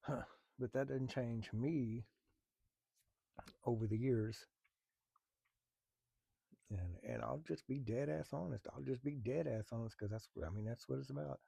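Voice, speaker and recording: A man's voice: medium pitch, gravelly, warm tone, slightly rough, dry recording. A man recounting his time as a firefighter, bluntly and with swearing, often stopping on fillers. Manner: blunt, profane, halting with many fillers. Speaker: firefighter telling a personal story. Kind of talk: candid storytelling.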